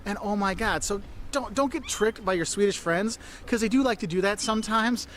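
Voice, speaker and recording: A man with a notably high voice gives travel advice straight to the camera, chatty and direct, laughing through his asides. He is outdoors in a city, with faint traffic noise behind him. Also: a little fast, a bit bright. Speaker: travel vlogger.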